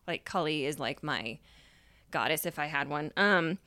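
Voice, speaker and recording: A young adult woman and podcast host telling a personal story in a casual, animated way, swearing freely and acting out her own past remarks. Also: low-pitched, moderate pace, no room sound, clean studio sound.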